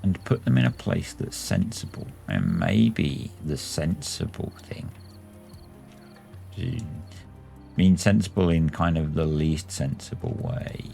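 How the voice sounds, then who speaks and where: A man's voice: very deep voice, sing-song, slow, vocal fry, warm tone, soft background music. A man hosting a game playthrough, musing aloud and talking himself through each choice as he plays. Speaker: let's play host. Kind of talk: thinking aloud while playing a city-building game.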